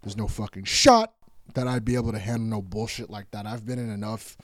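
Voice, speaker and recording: A man's voice: on the low side, steady tone, brisk, no room sound, clean studio sound. A man telling a rambling, heated story in casual speech, swearing often.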